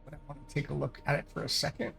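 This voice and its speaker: A man running a solo tabletop game, narrating and thinking aloud in a halting, hesitant way. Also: on the high side, fairly even intonation, gravelly, bright, forceful tone. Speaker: solo game master and player.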